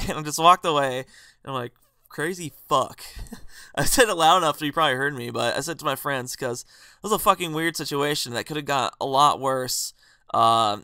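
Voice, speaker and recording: Bright-voiced young man telling a story. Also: on the high side, smooth, dry recording. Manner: rambling, chatty, swears freely, laughs at own story. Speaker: gaming commentary vlogger. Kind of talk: casual storytelling over gameplay.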